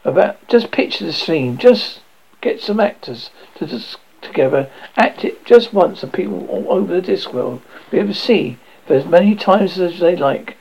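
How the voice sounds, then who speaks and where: A man with a gravelly voice voicing a small, nervous male alchemist who talks in a fumbling, apologetic way. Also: high-pitched, animated, a little mellow, exaggerated voice. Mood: nervous, eager. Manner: fumbling, apologetic, halting delivery. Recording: dull lo-fi audio.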